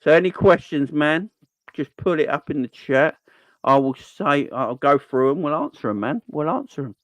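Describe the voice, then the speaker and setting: A man's voice: fairly high pitch, lively intonation, normal speed, dry recording. A man hosting a football channel's live stream Q&A, chatting casually and earnestly, repeating phrases for emphasis as he makes his points.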